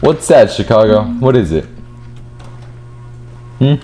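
A young man talks over his gameplay, cursing in frustrated bursts. His pitch swings wildly between muttering and shouting. Loud game music and keyboard clicks run underneath. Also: sing-song, slow. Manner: swearing, frustrated outbursts. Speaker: gaming streamer. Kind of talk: gameplay commentary. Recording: game music playing behind. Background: game music, keyboard typing.

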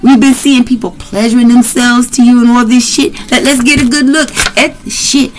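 A woman's voice: on the high side, fairly even intonation, normal speed, rough recording. Brash, profane woman reading tarot. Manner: brash, profane, rowdy and playful. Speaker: tarot reader.

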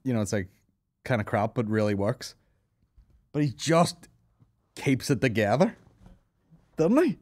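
A man hosts a comedy podcast, chatting in a crude, rambling way full of swearing and jokes. His pitch is mid-range but swings about animatedly. The sound is close and dry, with no room around it. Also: very animated, measured pace, long pauses, a little mellow, dry recording. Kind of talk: crude casual banter.

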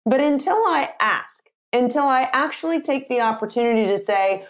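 Lively, animated woman guest. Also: high-pitched, moderate pace, dull audio. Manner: energetic, animated, quotes phrases in lively voices. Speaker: guest, communication author and sales trainer. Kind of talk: conversational podcast interview.

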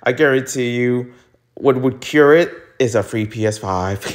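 A man's voice: medium pitch, a little slow. A man reading a webtoon aloud on his channel, giving casual, jokey reaction commentary and laughing often. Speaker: webtoon reader.

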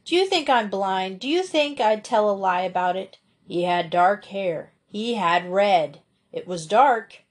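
An indignant male witness, voiced by a woman reading aloud, insistent and offended at being doubted. The pitch stays at a middle level. It comes from a storybook reading. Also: animated, measured pace. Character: indignant grown man, a witness.

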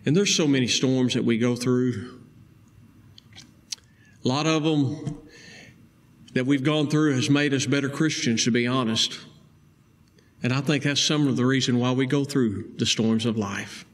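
A male preacher, delivering a sermon with emphatic rising stresses and slow, deliberate key phrases. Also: mid-range voice.

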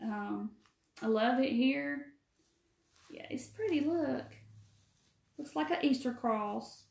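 A woman with a warm Mississippi drawl hosts a live craft stream, rambling in a folksy way and greeting viewers by name. Her voice sits a little high. The sound carries a roomy echo, as if she were in a bare room. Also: expressive, slow pace, gravelly. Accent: Southern US, Mississippi. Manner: folksy, talkative, answers viewer comments by name. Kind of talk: chatty live craft demo. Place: empty room. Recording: echoey room.

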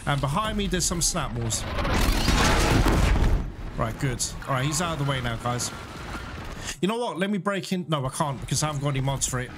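A man casually commenting on his gameplay for his viewers, excitable and quick to swear at enemies. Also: fairly high pitch, heavy background noise. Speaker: gaming channel host. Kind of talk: casual let's-play commentary. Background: loud game music.

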